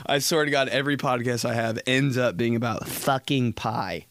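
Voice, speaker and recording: A man's voice: mid-range voice, very animated, unhurried, sharp tone, no echo, clean studio sound. Profane rambling young podcast host, man. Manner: profane, rambling, jokey storytelling. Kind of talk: solo casual podcast chat.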